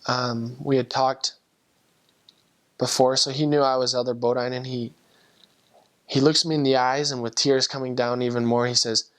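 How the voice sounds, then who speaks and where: A man's voice: medium pitch, little pitch movement, moderate pace, long pauses, fairly bright tone. A young man, a former missionary, earnestly tells a personal conversion story and acts out the voices of the people in it. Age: young adult. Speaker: returned missionary.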